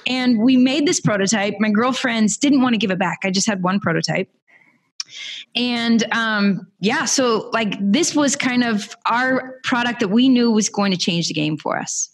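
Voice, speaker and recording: A woman's voice: on the high side, moderate pace. A woman in her thirties, an entrepreneur guest on a podcast, telling her story in an upbeat, eager way. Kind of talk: casual interview storytelling.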